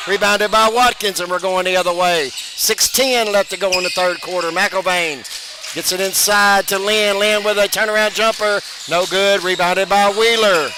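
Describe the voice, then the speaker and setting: High-voiced man calling high school basketball. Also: steady tone. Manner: brisk call that jumps up loud on big plays. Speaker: play-by-play announcer. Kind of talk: play-by-play commentary. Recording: broadcast over loud gym noise.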